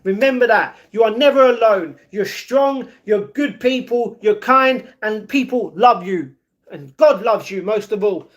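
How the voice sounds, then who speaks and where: A man's voice: high voice, unhurried, a bit bright. A man chatting casually on a live stream, greeting viewers by name and reading their messages in an upbeat way.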